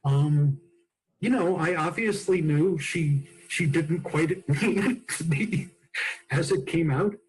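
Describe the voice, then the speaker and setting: A man's voice: on the high side, slow, darkish tone, low-quality recording. A man hosting a comedy talk show, telling comic anecdotes with dry, self-deprecating humor. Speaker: host and comedian. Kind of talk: casual chat, comic anecdotes.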